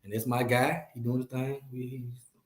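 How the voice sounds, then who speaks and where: A man's voice: medium pitch, level tone, moderate pace, echoey room. A man hosting a casual livestream chat, talking animatedly and repeating himself as he addresses viewers. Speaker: host.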